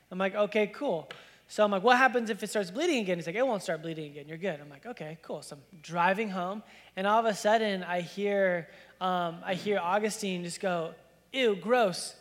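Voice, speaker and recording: A man's voice: high-pitched, big-room sound. A man in his thirties preaching a sermon as pastor, chatty and loose, full of fillers as he tells a family story. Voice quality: casual, filler-heavy storytelling with many "like"s. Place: church sanctuary.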